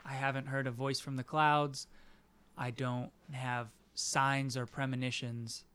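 Bright, smooth-voiced man. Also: mid-range voice, little pitch movement, unhurried. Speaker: podcast co-host. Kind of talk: casual discussion.

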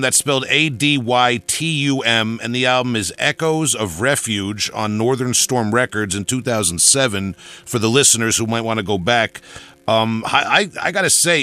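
A man's voice: mid-range voice, moderate pace, pushed and bright, clear, resonant tone. A man hosting a metal podcast, asking chatty, enthusiastic interview questions. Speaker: podcast host. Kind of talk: casual interview.

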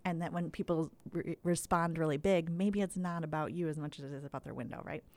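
A woman hosting a casual podcast chat, lively and leading the talk. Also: low voice, fast. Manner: lively, laughs often, leads the talk. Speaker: podcast host.

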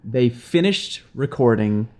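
A man hosting a casual podcast, recapping the story for listeners in a relaxed way with fillers. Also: medium pitch, takes it slowly. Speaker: podcast host.

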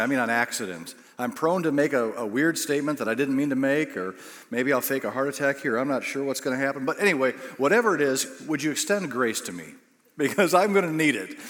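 Storytelling pastor in a reverberant hall. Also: male voice, mid-range voice, fairly bright tone. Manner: self-deprecating storytelling with acted quotes. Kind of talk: sermon. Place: large church auditorium.

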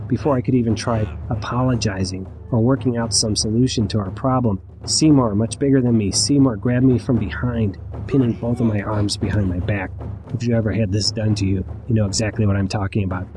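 A man's voice: on the low side, darkish tone, a little hiss or hum. A middle-aged man telling a personal story in a wry, conversational way with asides to the listener.

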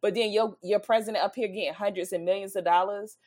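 A woman's voice: medium pitch, steady tone, fast, a little mellow. A woman co-hosting a podcast in casual chat, sassy, blunt and emphatic. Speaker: podcast co-host.

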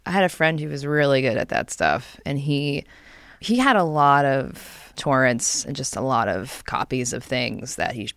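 A young woman co-hosting a podcast, chatting casually and telling animated stories, acting out quotes with quick laughs. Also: extremely low pitch, no room sound, clean studio sound. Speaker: podcast co-host. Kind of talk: casual chat.

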